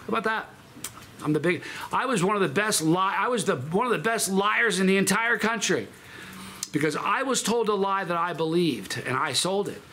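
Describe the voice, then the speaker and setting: A man speaks straight to his viewers in a casual storytelling monologue. His voice sits a little high, and he talks emphatically, often circling back and correcting himself mid-sentence. A faint ambient hum runs underneath. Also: lively intonation, moderate pace, pushed and bright. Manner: emphatic, rambling, with frequent restarts and self-corrections. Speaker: channel host.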